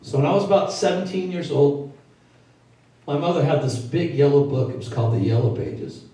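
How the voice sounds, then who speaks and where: A man in his sixties, an oldies singer and entertainer, telling animated, folksy stories to a live audience at a performance venue. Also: a little high, fairly quick. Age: 60s. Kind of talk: stage storytelling to a live audience. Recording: echoey hall, mic from far off.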